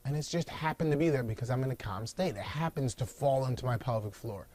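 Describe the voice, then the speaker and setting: A man's voice: mid-range voice, fast talker, a little mellow. A middle-aged man coaching viewers through a breathing exercise while seated on the floor, acting out worried clients and counting the breaths aloud. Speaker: anxiety and body coach. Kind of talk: instructional video talk.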